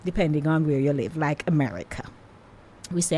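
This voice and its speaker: A woman's voice: low-pitched, lively intonation, fairly quick, dark tone, slight background noise. A woman hosting a radio show, chatting playfully and talking straight to her listeners. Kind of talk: casual radio chat.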